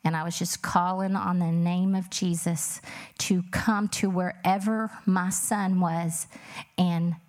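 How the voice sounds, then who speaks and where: Woman, mother, speaking testimony; earnest, plain, low-ish pitch. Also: fairly even intonation, slow, a little mellow. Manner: earnest, plain-spoken, with many fillers. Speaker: mother telling her story. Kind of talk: emotional personal testimony.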